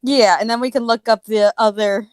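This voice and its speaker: Smooth-voiced woman co-host, dry remarks. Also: fairly high pitch, fairly even intonation, normal speed, a little mellow, no room sound. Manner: dry, teasing reactions. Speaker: stream co-host. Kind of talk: casual chat.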